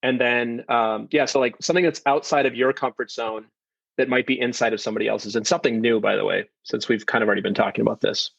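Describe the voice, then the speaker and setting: Male podcast host, mid-pitched, talkative and loose, on slightly muffled audio. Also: steady tone, quick pace, gravelly, fairly bright tone, slightly rough, no echo. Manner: chatty, rambling with restarts. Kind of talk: casual interview chat.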